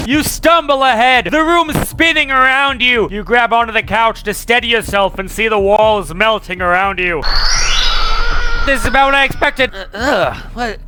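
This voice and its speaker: Excitable man playing a game. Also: very high-pitched, over music. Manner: excitable, joking, quick outbursts. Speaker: gaming YouTuber. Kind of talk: game playthrough commentary, reading text aloud.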